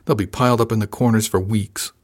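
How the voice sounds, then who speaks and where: A man reading the part of a blunt, sardonic woman officer, speaking flatly and a little higher than his own voice. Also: fast, close to an everyday voice.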